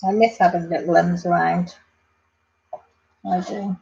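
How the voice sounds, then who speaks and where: A woman's voice: on the low side, fairly even intonation, measured pace, gravelly, muffled recording. A Welsh woman chatting casually to viewers on a live stream at home, addressing them by name and rambling on. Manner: chatty, warm-hearted, talks to viewers by name. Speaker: vlogger.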